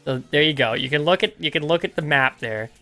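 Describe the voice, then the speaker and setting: A man from Ontario, co-hosting a casual podcast chat, joking and mock-exasperated and tripping over his words when excited. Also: a little high, a little fast, faint music behind. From Ontario, Canada. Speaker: podcast co-host.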